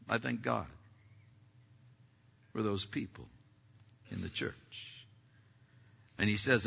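A man preaching a sermon as pastor of his church, talking conversationally and swinging between loud passages and hushed ones. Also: medium pitch, huge pitch swings, slow pace, vocal fry, pauses often, husky. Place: church sanctuary. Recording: echoey hall, dull lo-fi sound.

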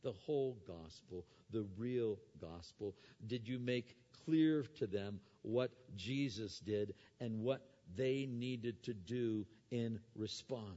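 A man preaching a sermon. He moves between quiet explanation and loud, emphatic preaching, and he asks the audience rhetorical questions. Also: medium pitch, takes it slowly, hardly any pauses. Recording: dull sound with long hall reverb.

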